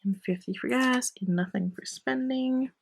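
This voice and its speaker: A woman vlogging about her budget in a casual, chatty way, a little hoarse as she loses her voice, often counting cash out loud. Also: high-pitched, moderate pace, a little hiss or hum, rough recording. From Canada. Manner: chatty, apologetic, counts bills aloud. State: losing her voice. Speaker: personal finance vlogger.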